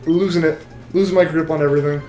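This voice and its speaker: A man's voice: a little high, steady tone, quick pace, a little mellow, roomy sound, soft background music. A young man live-streaming a game, chatting with viewers in a rambling, casual way. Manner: rambling, chatty, full of restarts. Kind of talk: live-stream chat while shiny hunting.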